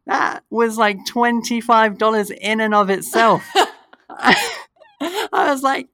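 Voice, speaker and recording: A man's voice: high voice, takes it slowly, clear, resonant tone, no room sound. A young man in casual chat, animatedly telling a funny story and laughing through it. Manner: animated, laughs through his story, acts out quoted voices.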